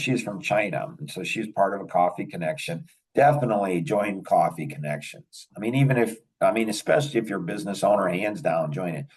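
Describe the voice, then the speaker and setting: A man's voice: fairly low pitch, a little mellow, breathy edge, recorded from a distance, low-quality recording. An older man hosting a podcast, telling rambling anecdotes in casual chat and chuckling often. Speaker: podcast host.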